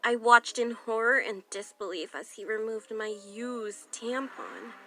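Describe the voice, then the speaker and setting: Bright-voiced woman narrating a dark storytime. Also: fairly high pitch, fairly even intonation, a little slow, soft background music. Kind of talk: scripted first-person storytime narration.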